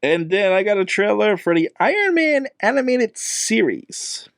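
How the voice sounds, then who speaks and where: A man's voice: sits high, big pitch swings, unhurried, gravelly, fairly bright tone, no echo, studio quality. A young man co-hosting a casual movie review podcast, teasing and questioning his partner. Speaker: podcast co-host.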